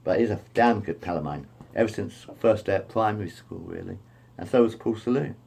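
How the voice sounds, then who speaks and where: A middle-aged man with a lowish voice tells a personal story in a meandering, repetitive way. He keeps circling back and correcting himself, casual and unscripted. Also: fairly quick, vocal fry, a little mellow, slightly rough.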